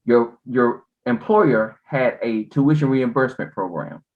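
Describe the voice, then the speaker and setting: A man's voice: mid-range voice, a little slow, narrow, tinny audio. A male podcast host who breaks in with emphasis to sum up the guest's story for listeners. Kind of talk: interview chat.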